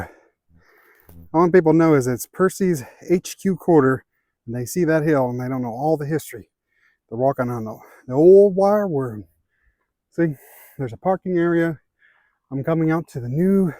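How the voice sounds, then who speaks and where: A man's voice: fairly high pitch, dark tone, dry recording. Male hiking vlogger, Ozark accent, casual and breathless, dry close sound. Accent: Ozark Southern American. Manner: chatty, easygoing, talks to viewers while walking. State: out of breath from climbing. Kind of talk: casual walking vlog. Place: outdoors on a wooded trail. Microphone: handheld camera.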